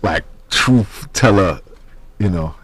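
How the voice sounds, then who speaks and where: Brief: low-voiced male musician, laid-back, searching for words. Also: slow pace. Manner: relaxed, hesitant, many fillers. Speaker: musician guest. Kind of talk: casual radio interview.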